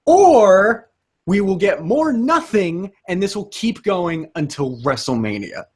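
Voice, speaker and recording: A man's voice: high-pitched, big pitch swings, takes it slowly, a little mellow, breathy edge. A man co-hosting a casual wrestling discussion, blunt and cynical. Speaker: co-host.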